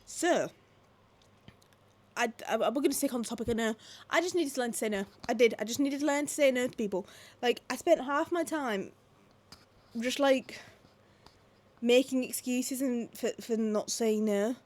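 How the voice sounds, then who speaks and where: Woman in her 20s, at-home vlog rant, sweary and animated, voice on the high side. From England. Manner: swearing, animated, fast-shifting, lots of "like". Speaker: vlogger. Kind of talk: casual ranting monologue. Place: at home, indoors.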